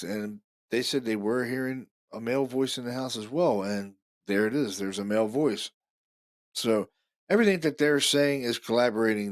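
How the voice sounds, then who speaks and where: An eager man hosts a casual podcast and walks listeners through recorded clips. He repeats words as he goes. His voice is mid-pitched and sounds close and dry, with no room sound around it. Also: no room sound. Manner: eager, repeats himself a lot. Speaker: podcast host. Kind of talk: casual commentary on recorded evidence.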